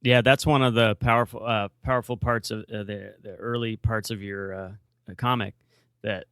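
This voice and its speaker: A man hosting a podcast interview, speaking softly and hesitantly with many fillers. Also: fairly low pitch, fairly even intonation, normal speed, clear, resonant tone, dry recording, clean studio sound. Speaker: podcast host.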